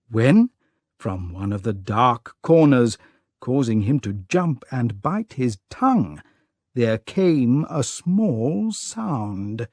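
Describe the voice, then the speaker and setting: A male audiobook narrator reads a comic story very slowly and clearly for learners. His delivery is lively, rising and falling through each sentence, and the sound is dry and close. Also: medium pitch, no echo. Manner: slow, clear, expressive storytelling. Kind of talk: scripted narration for language learners.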